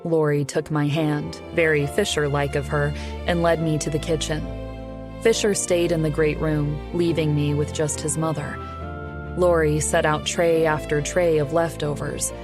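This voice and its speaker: A woman narrating a first-person romance audiobook in an intimate, even storytelling manner. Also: low-pitched, normal speed, over music.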